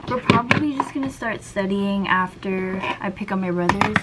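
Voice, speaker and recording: A woman's voice: medium pitch, normal speed. A young woman chatting casually in a vlog, gushing and talking to viewers like friends. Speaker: vlogger. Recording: camera mic from a distance, noisy.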